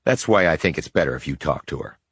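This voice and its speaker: A man's voice: a bass voice, fast, breathy edge, no echo, exaggerated voice. A man whispering as a blunt FBI investigator. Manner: flat, blunt, calm. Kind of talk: whispered role-play.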